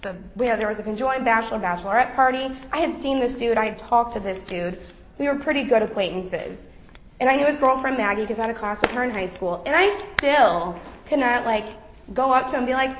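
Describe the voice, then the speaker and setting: A woman's voice: fairly high pitch, a little fast, a little hiss or hum. A young woman sharing a personal faith testimony with a group, talking casually with many fillers. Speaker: member giving a testimony. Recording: roomy echo.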